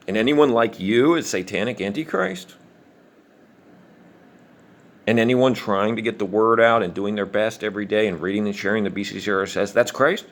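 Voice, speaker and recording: In a furious rant, this fairly low-voiced online commentator curses often and lectures in a combative tone. His delivery is quick and relentless as he hammers each point.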